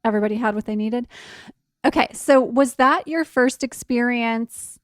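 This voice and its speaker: A woman's voice: a little high, normal speed, no room sound, clean studio sound. A woman hosting a podcast, guiding a casual interview and filling in context for listeners. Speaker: podcast host.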